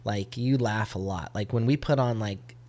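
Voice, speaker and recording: A man's voice: lowish voice, normal speed, darkish tone. A middle-aged man co-hosting a podcast, chatting casually with frequent agreeing fillers. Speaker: podcast co-host. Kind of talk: casual chat.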